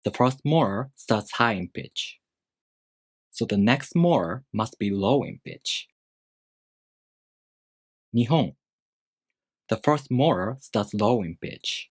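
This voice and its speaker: A man teaching a language lesson, explaining rules step by step in a measured, scripted way. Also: fairly low pitch, expressive, no echo, studio quality.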